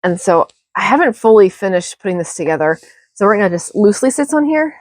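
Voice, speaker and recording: A woman's voice: mid-range voice, very animated, fast, a little mellow, no echo. A woman casually rambling through a show-and-tell of her thrift finds at home, self-deprecating and restarting often. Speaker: thrift haul vlogger.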